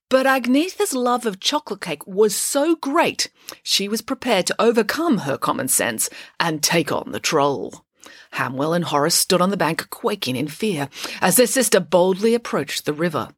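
A woman reads a children's story aloud in a playful, wry way, using dramatic pauses. Her pitch rises and falls a great deal. The recording is close and dry. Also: big pitch swings, no room sound. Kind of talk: storybook narration.

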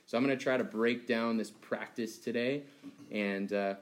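A young adult man, a pastor, preaching a sermon in a casual, animated way, full of laughs and acted-out dialogue. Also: mid-range voice, normal speed. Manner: conversational and animated, acting out childhood dialogue with laughs.

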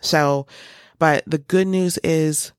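A woman's voice: low-pitched, fairly even intonation, slow, clear, resonant tone, dry recording, clean studio sound. A woman hosting a coaching podcast, talking earnestly and loosely with many fillers. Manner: earnest, loose, full of "you know" and "um". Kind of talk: encouraging podcast monologue.

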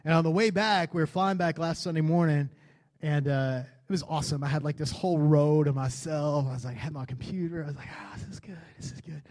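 A man's voice: fairly high pitch, fairly quick, darkish tone. A man, a pastor preaching a sermon, telling a personal story in a casual, conversational way and building to fervent declarations.

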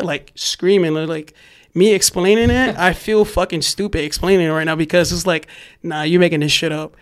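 A young man from New York telling a wild story in a casual chat, animated and profane, acting out the shouting cops. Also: fairly high pitch, fairly quick. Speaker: podcast guest, graffiti writer.

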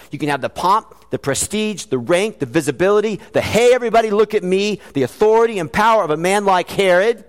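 A man delivers a sermon in a church sanctuary, his fairly high voice carrying a long echo through the hall. He preaches earnestly and with energy, breaking into quick joking asides between points. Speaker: pastor.

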